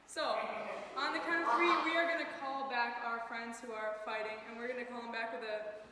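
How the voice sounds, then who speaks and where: A woman's voice: fairly high pitch, fairly even intonation, brisk, sharp tone. A woman hosting live improv comedy, upbeat as she takes suggestions from the audience. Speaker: improv host. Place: large hall with audience. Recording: distant echoey hall with noise.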